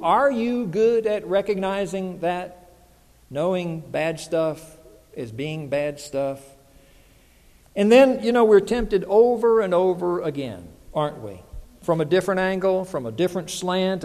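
A man with a high voice preaches a sermon, talking to the congregation in an easy, conversational way and often asking them questions. His voice rings with the long reverb of a large hall. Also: dark tone.

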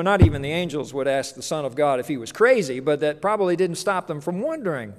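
A male preacher delivers a sermon as a lively story, his high voice swooping up and down. He acts out voices as he goes. The sound carries a long hall reverb. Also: brisk.

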